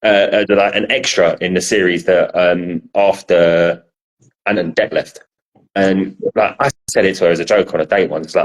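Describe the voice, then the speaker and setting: A man's voice: sits low, steady tone, a little fast. A man with a South London accent co-hosting a podcast in casual chat, teasing and self-deprecating, with some swearing. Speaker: podcast co-host.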